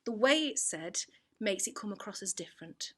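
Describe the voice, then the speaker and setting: A woman teaching an online drama lesson, explaining clearly and demonstrating examples with her voice. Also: medium pitch, lively intonation, moderate pace, a bit bright, a little hiss or hum. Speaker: performing arts teacher.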